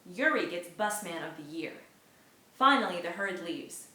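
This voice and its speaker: A woman reads a novel aloud in lively first-person narration, her voice bright and forward. The room gives the voice a clear echo. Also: on the low side, a little slow. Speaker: book reader. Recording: echoey room.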